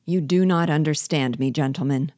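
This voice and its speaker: A woman's voice: deep voice, moderate pace, mellow, no echo, studio quality, close to an everyday voice. A woman reading the lines of a pompous, ruthless male colonial general in a declaiming, self-important way.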